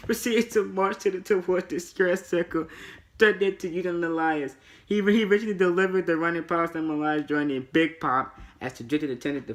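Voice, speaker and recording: A man reviewing a wrestling show in a casual solo vlog, rambling and opinionated, repeating his words and chuckling often. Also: on the high side.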